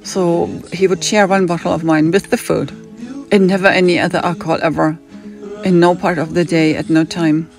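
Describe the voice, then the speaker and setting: Gravelly German-accented woman telling a story. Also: on the low side, flat delivery, normal speed, a little mellow, soft background music. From Hamburg, Germany. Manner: digressive, acts out other people's lines. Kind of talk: rambling personal storytelling.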